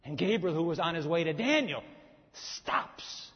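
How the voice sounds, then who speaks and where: High-voiced pastor preaching in a reverberant hall. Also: male voice, measured pace. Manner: dramatic, acts out the scripture characters in lively bursts. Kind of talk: sermon. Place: church sanctuary. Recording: muffled hall recording with long reverb.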